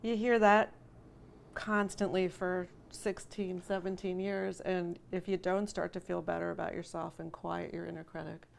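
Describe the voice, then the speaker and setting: A woman's voice: lowish voice, flat delivery, moderate pace, creaky. A woman co-hosting a podcast, chatting casually in a candid, teasing, self-deprecating way. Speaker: podcast co-host. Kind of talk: casual conversational chat.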